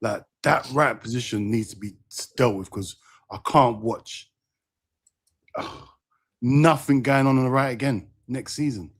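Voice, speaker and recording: A man on a football fan stream, teasing his co-host with emphatic questions. He leans on slang. His voice is plainly mid-pitched. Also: a little slow, breathy edge. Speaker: co-host of a fan talk show. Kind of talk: casual chat.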